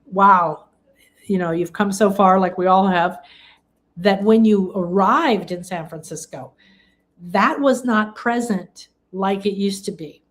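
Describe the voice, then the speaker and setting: A woman's voice: mid-range voice, slow. Effusive woman giving a spiritual talk. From England. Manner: effusive and gushing, with bursts of excited exclamation; rambling, with frequent restarts and fillers. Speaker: spiritual teacher and live-stream host. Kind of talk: casual live spiritual talk.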